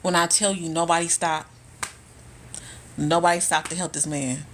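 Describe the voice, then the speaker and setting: A woman's voice: lowish voice, steady tone, moderate pace, slight background noise. A woman telling stories casually on a phone live stream, blunt, profane and repeating herself for emphasis. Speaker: spiritual content creator. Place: indoors at home on a live stream.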